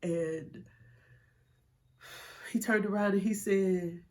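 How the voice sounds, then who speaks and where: Taking her time, a middle-aged woman speaks in a medium-pitched, steady, slightly mellow voice. She's recounting her personal story in an interview with raw emotion, being blunt and candid and cursing without hesitation.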